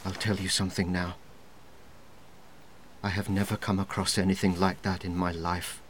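A man's voice: low-pitched, little pitch movement, moderate pace, a bit bright, slight background noise. A man playing a blunt, impatient colleague in a comedy sketch, curt and matter-of-fact.

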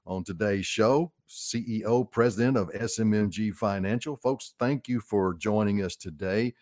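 A man's voice: on the low side, normal speed, few pauses, a little mellow, dry recording, clean studio sound. A middle-aged man with an Arkansas Southern accent, hosting a radio financial talk show in a folksy, upbeat way.

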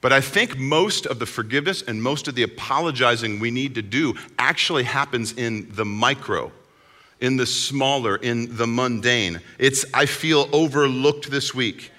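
A pastor delivers a conversational, animated sermon. His voice is bright and forceful at a middle pitch. The sound carries a long reverb from a large hall. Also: normal speed.

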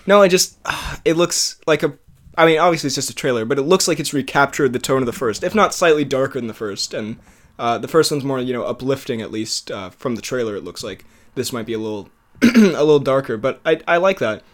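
A man with a medium-pitched voice, lively intonation and a fairly quick pace co-hosts a podcast. Chatty and laughing often, he talks eagerly about movies, breaking off mid-thought and beginning again.

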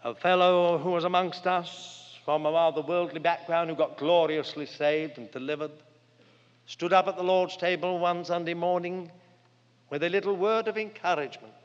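An older man preaching a sermon, earnest and dramatic, with big swings in pitch and loudness as he tells stories. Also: moderate pace. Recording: long hall reverb, dull lo-fi sound.

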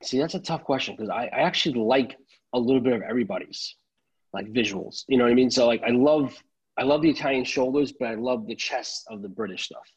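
A man's voice: mid-range voice, quick pace, husky, rough recording. A man, a tailor chatting casually on a podcast, rambling and restarting his sentences.

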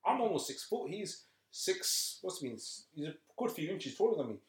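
A man's voice: high-pitched, big pitch swings, moderate pace. A man co-hosting a casual podcast chat at home, telling a rambling story with frequent laughs. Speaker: podcast co-host. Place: home room. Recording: echoey home room.

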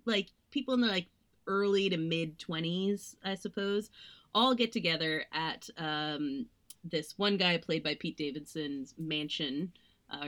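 A woman's voice: low voice, fairly bright tone. A young woman co-hosting a podcast, chatting casually about films, with lots of "like" fillers and some sarcastic mocking. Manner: chatty, frequent "like" fillers, sarcastic mock voices. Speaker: podcast co-host. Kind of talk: casual film review chat.

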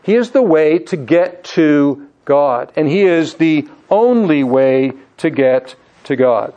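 Brief: male pastor, slightly higher voice, measured sermon delivery, slows down on key words. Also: expressive, warm tone, muffled recording.

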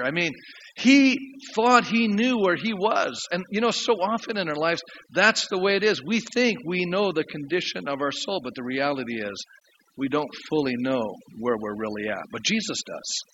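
A pastor delivers his sermon with earnest, storytelling emphasis, his voice rising sharply and then dropping low. He speaks with a fairly high pitch for a man. The recording is somewhat muffled, with a faint hiss underneath. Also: animated, normal speed, fairly bright tone.

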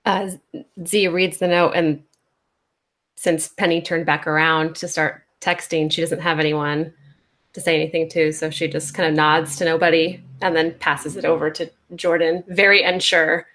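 A woman's voice: low voice, little pitch movement, moderate pace, fairly bright tone. A woman playing a tabletop role-playing game, describing her character's actions hesitantly. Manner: hesitant, unsure narration. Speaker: player.

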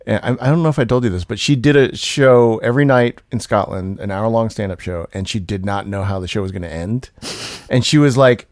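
A man's voice: lowish voice, a little mellow, no room sound, studio quality. A man co-hosting a podcast in casual chat, telling stories with many fillers and restarts. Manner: chatty storyteller, halting with fillers. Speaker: podcast co-host.

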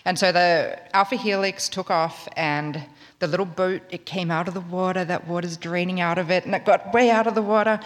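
A woman's voice: lowish voice, fairly even intonation, a little fast, in a large hall. A woman telling a true story live, in a wry, conversational, self-mocking way. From Australia.

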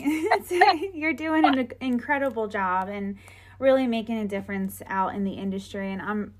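A woman hosting a casual interview, asking questions and offering encouraging affirmations. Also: medium pitch. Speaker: interview host.

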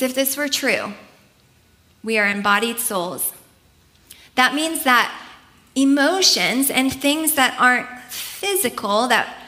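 Woman preacher, bright and a bit high, earnest, conversational sermon delivery.

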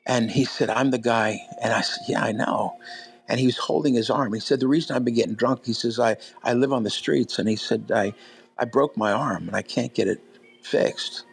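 Man, preacher, husky voice, storytelling sermon, conversational with restarts. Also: mid-range voice, steady tone, normal speed, poor audio. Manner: conversational, many fillers and restarts.

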